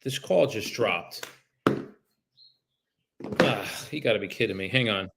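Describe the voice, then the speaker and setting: A man's voice: lowish voice, lively intonation, a little slow, creaky, heavy background noise. A man working as a real estate broker, talking casually to viewers between calls and switching to a polite, formal voice when he is on the phone. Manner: casual, swears when frustrated. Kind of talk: livestreamed cold calling with commentary.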